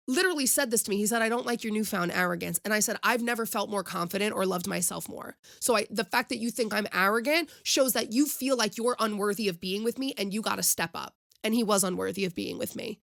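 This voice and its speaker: A woman's voice: a little high, fairly bright tone, dry recording, studio quality. A young woman hosting her own podcast, giving passionate opinionated commentary and speaking straight to her listeners. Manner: impassioned, preachy, addresses listeners directly. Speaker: podcast host.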